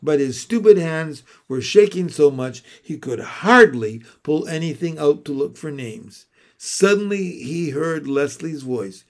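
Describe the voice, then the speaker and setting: A man reading a novel aloud in a measured storytelling manner. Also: fairly high pitch, animated. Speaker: audiobook reader.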